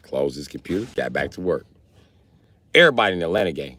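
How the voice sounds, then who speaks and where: Profane animated young man telling stories. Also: very deep voice, quick pace, pauses often. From Wisconsin. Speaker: livestreamer. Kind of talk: comic storytelling.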